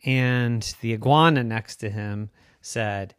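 A storyteller making up a children's story as they go, slow and wandering, with pauses and restarts. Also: mid-range voice, smooth, dry recording, studio quality.

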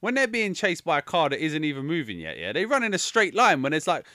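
A man's voice: a little high, very animated, quick pace, bright, forceful tone, dry recording, clean studio sound. A young man, chatting casually and animatedly about a film as a podcast co-host, swearing and ranting in exasperation. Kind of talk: casual film review chat.

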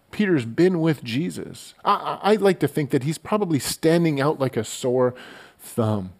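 A man giving a relaxed, conversational sermon as a pastor, often repeating words as he goes. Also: medium pitch. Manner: conversational, relaxed storytelling with frequent stammered word repeats.

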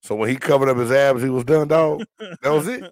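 A man's voice: medium pitch, brisk, dry recording. A man co-hosting a casual sports podcast, joking and slangy, full of trash talk. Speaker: podcast co-host.

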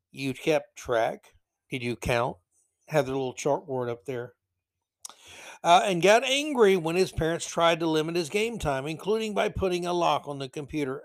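A man with a fairly high speaking voice rants alone on his podcast. He sounds scornful and exasperated, with sarcastic jabs and heavy sighs of disbelief between his points. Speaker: podcast host. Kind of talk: opinionated podcast monologue.

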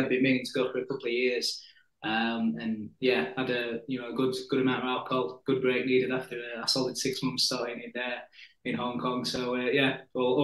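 A man from Sheffield talks in a relaxed, chatty way with a slight Yorkshire accent, often pausing as he goes. His pitch stays fairly level. He is recorded over a remote call in a room with noticeable echo. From Sheffield, England. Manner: relaxed and chatty, with frequent pauses. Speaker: football coach abroad, podcast guest. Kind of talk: casual conversational interview. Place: at home in Hong Kong, evening. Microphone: remote podcast call.

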